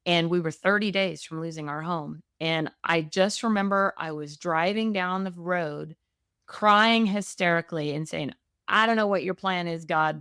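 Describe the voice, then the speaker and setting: A woman's voice: on the low side, fairly bright tone, clean tone, no room sound, studio quality. Candid middle-aged woman telling her story. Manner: emotional, candid, many "right?" tags. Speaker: guest, real estate agent.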